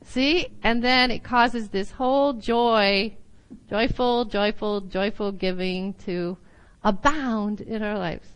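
A woman teaching a Bible lesson in sermon style, animated and laughing often, sometimes acting out little voices. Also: medium pitch, slow, smooth, low-quality recording.

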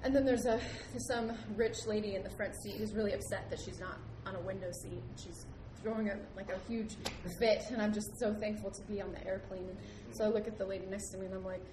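Young woman, animated storyteller. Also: medium pitch, fast talker, hardly any pauses. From United States. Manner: animated, laughs often, acts out the people in her story. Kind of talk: casual storytelling. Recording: roomy with background noise.

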